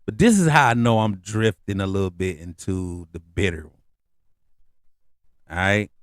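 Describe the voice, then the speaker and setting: Animated, slangy man telling stories. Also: moderate pace, no echo, studio quality. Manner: animated, slangy storytelling with rising pitch on asides. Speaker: podcast host. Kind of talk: casual comedic monologue.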